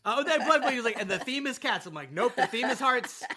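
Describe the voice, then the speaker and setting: Bright-voiced man telling animated stories. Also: very high-pitched, brisk. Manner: animated storyteller acting out his kid. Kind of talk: casual chat.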